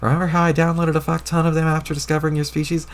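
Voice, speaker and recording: A man voicing a loud, short-tempered young male troll who rants crudely, read aloud from a webcomic on stream. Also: a little high, little pitch movement, racing, pitched above the performer's own voice, natural voice. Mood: pompous. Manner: shouty, indignant, crude rants.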